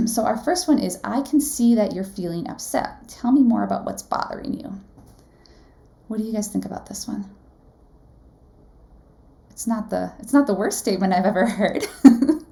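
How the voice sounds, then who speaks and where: A woman's voice: mid-range voice, vocal fry, warm tone. A woman leading a live online class as a nursing exam instructor, talking conversationally, often asking the audience questions and saying "right?". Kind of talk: live webinar teaching.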